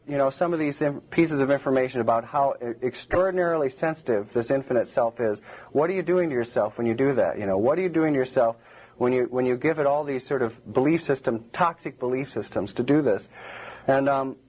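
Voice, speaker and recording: A man's voice: medium pitch, a little fast, a little mellow, poor audio. A man giving a public lecture to a live audience, rambling and digressive with many restarts.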